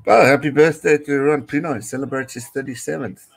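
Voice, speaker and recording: A man's voice: a little high, a little fast, gravelly, breathy edge, poor audio. A young South African man with a South African accent, hosting a casual live stream, giving chatty rugby commentary, reading viewer comments, and dropping Afrikaans phrases.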